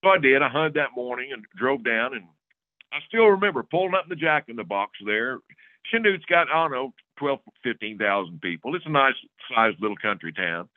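A man, a podcast guest, telling a long story in a casual, lively way and acting out the other people's lines. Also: mid-range voice, fairly quick, no room sound. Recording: tinny phone-like dry recording.

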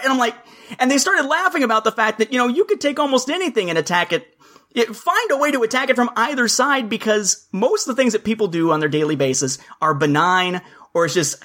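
A man's voice: high-pitched, big pitch swings, fast talker, sharp tone. A man in casual podcast talk who explains at length and likes to mimic lines he quotes. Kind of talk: casual chat.

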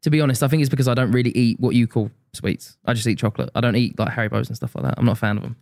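A man's voice: mid-range voice, steady tone, very fast, creaky, a little mellow. A man with an Essex accent chatting easily as a podcast guest. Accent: Essex English. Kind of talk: casual chat.

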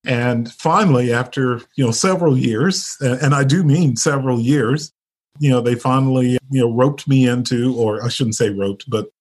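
Speaking at a normal speed, a North Carolina man with a medium-pitched, slightly mellow, husky voice shares his story as a guest in a relaxed interview. He's a nurse leader, and he chats freely, laughing often and using lots of fillers.

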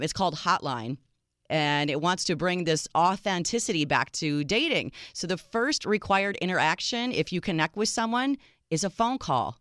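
Upbeat woman co-host, smooth clear voice, dry studio mic. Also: fairly low pitch, a bit bright, dry recording. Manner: upbeat, reads listener emails aloud. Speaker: radio co-host. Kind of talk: casual chat.

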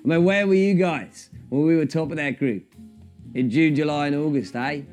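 A man's voice: fairly high pitch, moderate pace, darkish tone, soft background music, lightly acted. A man doing a comedy impression of a defensive, cocky older male rugby coach, ending every line with "mate". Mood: defiant.

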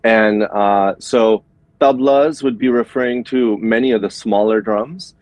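Relaxed low-voiced male guest. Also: unhurried, no room sound. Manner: relaxed, explanatory, with fillers. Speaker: guest musician. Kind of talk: casual interview chat.

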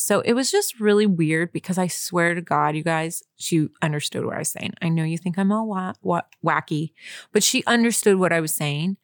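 A young woman talks casually to her listeners, winding through a story with plenty of fillers and direct asides. Her voice sits at a middle pitch and sounds dry and close to the mic. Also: expressive, normal speed, no room sound. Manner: chatty storyteller, lots of "like" and "you guys". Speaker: podcast co-host. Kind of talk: casual chat.

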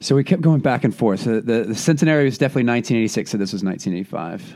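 A man's voice: mid-range voice, racing, a little mellow. A man co-hosting a casual football podcast, chatty and often repeating words as he gets going. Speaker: podcast co-host.

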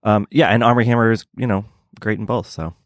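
Relaxed low-voiced man co-host. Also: a little fast, no echo, studio quality. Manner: relaxed, hedging with "I mean" and "you know". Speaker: podcast co-host, film critic. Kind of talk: casual podcast chat.

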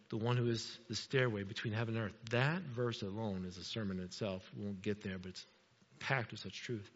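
A pastor preaching a sermon to his church, lively and animated, briefly acting out Bible characters in quick asides. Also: medium pitch. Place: church sanctuary. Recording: dull sound with long hall reverb.

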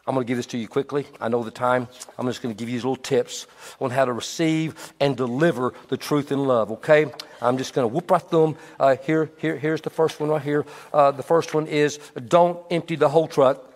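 A man preaching a sermon in an animated way, swinging from hushed tones to emphatic repetition. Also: mid-range voice, brisk. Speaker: pastor. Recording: long hall reverb.

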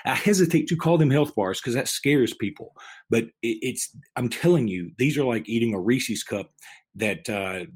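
A man's voice: mid-range voice, animated, normal speed, breathy edge. A man, co-hosting a casual sports podcast from a hotel room, rambling with many restarts and laughs. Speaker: podcast co-host.

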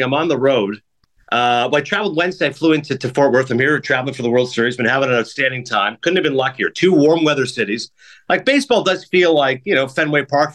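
A middle-aged man hosting a podcast, telling casual stories at a rapid clip and acting out what people said. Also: fairly high pitch. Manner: rapid, animated anecdotes with acted-out quotes. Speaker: podcast host. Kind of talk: casual storytelling chat.

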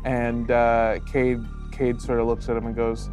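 A man narrating a tabletop game as its game master, animated and laughing often. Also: mid-range voice, a little slow, few pauses, soft background music.

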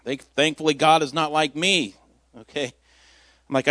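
A man's voice: fairly high pitch, fairly even intonation, normal speed, long pauses, bright, forceful tone, no room sound. A man, a lay preacher, giving an informal sermon in a folksy, storytelling way with self-deprecating humor. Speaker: lay preacher filling in at church.

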